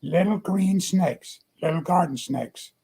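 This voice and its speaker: A man's voice: sits high, slow pace, warm tone, breathy edge, poor audio. An older man telling a story in a homespun, folksy way and dropping in advice along the way. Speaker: guest storyteller.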